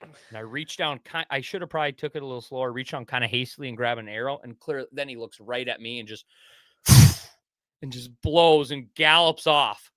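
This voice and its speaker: Young adult male podcast co-host, medium pitch, dry close sound, animated storyteller who swears. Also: normal speed, dry recording. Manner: animated, swears, acts out his own inner voice. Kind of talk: casual storytelling.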